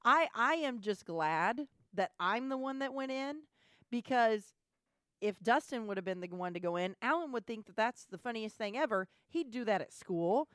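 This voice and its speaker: Chatty mom with stammering restarts. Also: female voice, fairly high pitch, moderate pace, clean tone, dry recording, clean studio sound. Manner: animated, stammering restarts, frequent laughter. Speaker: podcast co-host, mother. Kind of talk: casual storytelling chat.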